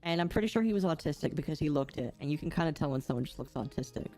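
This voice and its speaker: A chatty young woman co-hosts a relaxed podcast, laughing easily between remarks. Her voice sits a little lower than most women's. Faint music runs in the background. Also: rapid-fire. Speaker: podcast co-host. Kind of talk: casual podcast chat.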